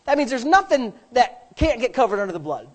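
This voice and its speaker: A man's voice: extremely high pitch, big pitch swings, fairly quick. Impassioned preacher man. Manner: impassioned, rising to loud emphatic preaching. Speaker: pastor. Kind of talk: sermon.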